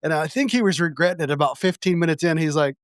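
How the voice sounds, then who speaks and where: A man's voice: a little high, fast, dry recording, studio quality. A man co-hosting a casual podcast chat, joking crudely and laughing easily. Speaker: podcast co-host.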